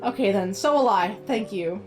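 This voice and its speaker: A woman voicing a gentle, sad young girl in a video game, reading her lines aloud while playing. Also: mid-range voice, expressive, normal speed, soft background music, pitched below the performer's own voice, close to an everyday voice. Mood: wistful.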